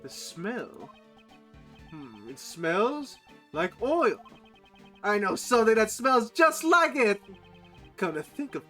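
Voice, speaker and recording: A man puts on a cool, formal prosecutor, reading game lines with measured sternness. The voice stays bright and crisp, with quiet game music underneath. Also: sits high, very animated, full character voice. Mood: thoughtful. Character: cool, composed male prosecutor, adult. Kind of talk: reading game dialogue aloud.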